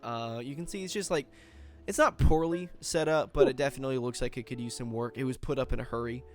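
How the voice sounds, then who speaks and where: A man in a middling pitch runs a tabletop game as game master. He narrates loosely and casually, with lots of "uh" and "like." His tone stays laid-back throughout. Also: fast, faint music behind. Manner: relaxed, filler-heavy narration.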